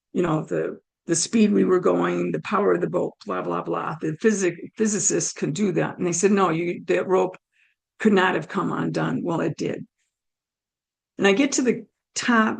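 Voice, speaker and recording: Woman guest, mid-pitched voice with vocal fry, animated personal storyteller. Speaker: guest speaker.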